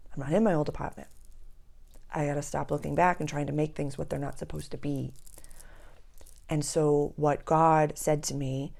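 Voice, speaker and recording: Young female astrology vlogger, deep gravelly voice, rambling casual chat to camera. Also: warm tone. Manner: chatty and rambling, drops to a whisper at times. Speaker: astrology channel host. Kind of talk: casual spiritual talk to camera.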